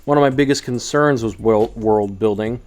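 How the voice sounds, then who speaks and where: A man's voice: medium pitch, moderate pace, a little mellow. A young man in his twenties with a Midwestern American accent, rambling through a casual vlog and often breaking off mid-sentence. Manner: rambling, self-interrupting, laughs often. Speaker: vlogger.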